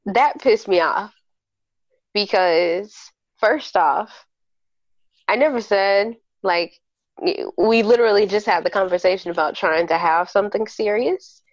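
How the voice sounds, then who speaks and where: A woman's voice: mid-range voice, a little slow, dry recording, lo-fi sound. Candid woman telling a juicy story. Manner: candid, animated, acts out quoted dialogue. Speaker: podcast guest. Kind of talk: casual storytelling chat.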